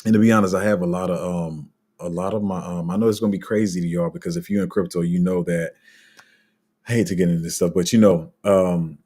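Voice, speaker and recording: A man's voice: deep voice, fairly even intonation, fast talker, mellow, slightly rough. A man hosting a crypto channel, talking casually to viewers in a loose, rambling way with many fillers and restarts. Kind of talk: casual unscripted commentary to viewers.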